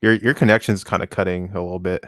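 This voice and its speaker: A man co-hosting a casual discussion stream, talking in a halting way and searching for words mid-sentence. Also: low voice, steady tone, a bit bright, no room sound. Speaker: co-host reading the series.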